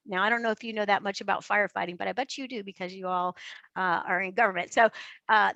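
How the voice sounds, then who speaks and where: A woman coach giving a keynote to an online conference, with energetic, conversational delivery. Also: a little high, no echo. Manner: energetic, conversational, acts out voices.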